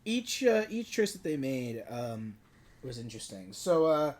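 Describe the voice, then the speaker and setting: A man's voice: mid-range voice, very animated, measured pace, a little mellow. A man co-hosting a casual movie review podcast, rambling and searching for his words. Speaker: podcast co-host.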